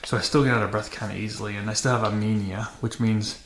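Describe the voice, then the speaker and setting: A man's voice: on the low side, steady tone, quick pace. A man hosting a dirt bike vlog, talking casually to camera with many fillers and restarts in a matter-of-fact way. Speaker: channel host. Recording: echoey room with faint noise.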